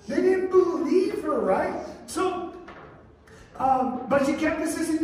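A man's voice: extremely high pitch, a little slow. A man preaching a sermon as pastor, telling stories and acting out the voices of people in them. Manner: storytelling, acts out voices of people in the story. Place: church sanctuary. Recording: echoey church hall from far off.

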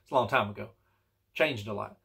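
A man's voice: lowish voice, brisk, vocal fry, sharp tone, husky. A man telling a personal story in a casual, rambling and earnest way, with many restarts and fillers. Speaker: vlogger telling personal stories.

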